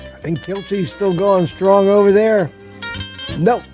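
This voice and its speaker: Slow, mellow-voiced older man hosting. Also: high-pitched, faint music behind. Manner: rambling, musing, with sighs and restarts. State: out of breath. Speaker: livestream host. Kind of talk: casual morning talk.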